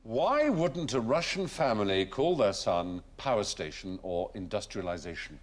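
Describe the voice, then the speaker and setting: A man's voice: lowish voice, sing-song, moderate pace. A man hosting a comedy panel quiz in a TV studio, explaining odd facts in a precise, learned way. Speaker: quiz show host.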